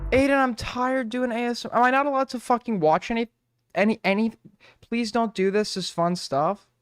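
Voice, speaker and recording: High-voiced, swearing streamer man. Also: fairly even intonation, brisk, clean tone, no room sound. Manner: profane, ranting, rambling. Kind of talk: casual live-stream reaction commentary.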